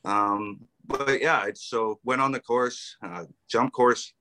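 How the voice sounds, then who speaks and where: A man's voice: mid-range voice, steady tone, slow, bright, forceful tone. A man who served in the army, telling stories as a podcast guest, rambling with fillers, restarts and frequent laughs. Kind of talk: casual storytelling interview.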